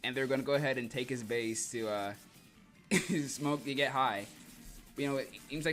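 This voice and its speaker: A man's voice: medium pitch, brisk, pushed and bright, faint music behind. A young man casually reading comics on a livestream, rambling and joking with plenty of laughter.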